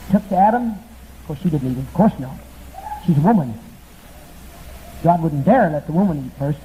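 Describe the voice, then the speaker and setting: A man's voice: sits high, dark tone. A man preaching a fiery, profane sermon, mocking and impassioned in his delivery. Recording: tinny lo-fi archival tape with faint hiss.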